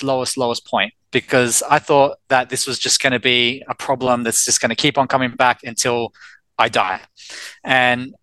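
An Australian man in his thirties, a life coach telling his own story in a candid, animated way with quoted dialogue. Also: mid-range voice, clean tone, dry recording, poor audio. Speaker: life coach and personal trainer, guest. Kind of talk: casual storytelling in an interview.

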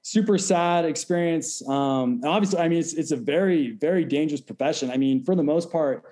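A man in his thirties from California, a podcast guest talking in a measured, explanatory way and trailing off at the ends of sentences. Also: a little high, mellow. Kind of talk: casual interview chat.

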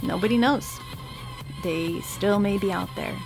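A young woman hosting a podcast, telling a story in a casual, animated way, often laughing and acting out the people she quotes. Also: medium pitch, measured pace, gravelly, over music.

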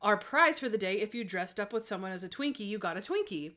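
A young adult woman telling a story in casual chat, animated and full of fillers, acting out what people said. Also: mid-range voice, fast talker. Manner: animated, lots of fillers and acted-out quotes.

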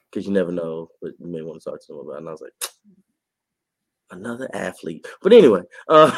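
A man co-hosting a podcast and reporting on sports, talking in a casual, animated way and laughing often. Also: low-pitched, no echo. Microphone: podcast mic.

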